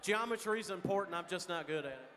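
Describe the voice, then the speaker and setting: A man's voice: high-pitched, expressive, a little fast, pushed and bright. Folksy Texan man in a hall. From Texas. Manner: folksy, joking, drawling. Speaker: guest answering student questions. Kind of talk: casual chapel Q&A. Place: school chapel hall. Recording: reverberant chapel hall.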